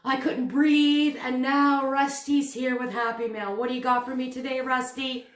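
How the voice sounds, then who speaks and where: A woman in her fifties vlogging casually at home, excitable and repeating herself. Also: high voice, moderate pace. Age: 50s. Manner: excitable, repeats phrases, gasps and squeals. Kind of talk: casual unboxing chat. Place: home room, packing. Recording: echoey room, faint noise.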